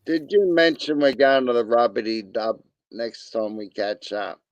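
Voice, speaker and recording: A man's voice: mid-range voice, fairly even intonation, a little slow, no echo, highs cut off. A man in a casual livestream chat, laid-back and chuckling as he agrees along.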